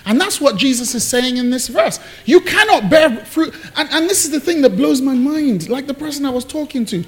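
High-voiced pastor preaching conversationally. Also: male voice, sing-song, moderate pace, hardly any pauses, a bit bright. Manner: conversational, joking with the congregation; repeats and restarts while searching for words. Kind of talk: sermon.

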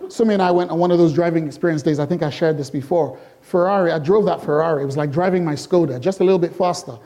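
A middle-aged male preacher with a slightly high, mellow voice delivers a sermon built on repeated rhetorical questions to the congregation. He alternates between deliberate, emphatic lines and fast bursts.

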